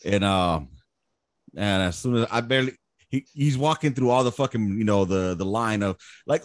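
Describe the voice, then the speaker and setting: A man in his thirties, an army veteran, telling war stories in casual chat, profane, animated and boastful. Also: lowish voice, normal speed, dry recording, clean studio sound.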